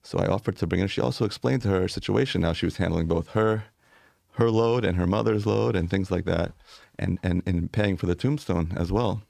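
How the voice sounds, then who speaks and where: A man's voice: low-pitched, fairly quick, gravelly, darkish tone, no room sound, clean studio sound. A man, a rabbi, telling stories earnestly in a conversational interview, with light laughs.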